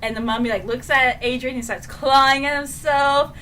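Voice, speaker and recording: A woman recapping a book in a casual review, excitable and prone to shouting out the big moments. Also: high-pitched, normal speed, hardly any pauses, a little hiss or hum. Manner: excitable, retells scenes with shouts and sound effects.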